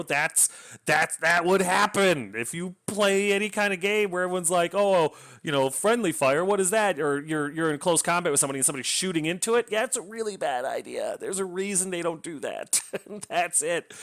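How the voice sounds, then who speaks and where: A man's voice: on the high side, a bit bright. A man giving a casual, rambling spoken review of a novel, with frequent restarts and enthusiastic asides. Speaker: book reviewer.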